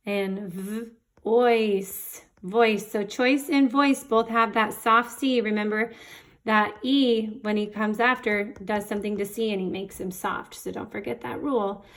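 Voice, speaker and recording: A woman teacher giving a remote reading lesson to young children, patiently sounding out letters and praising her students. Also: medium pitch.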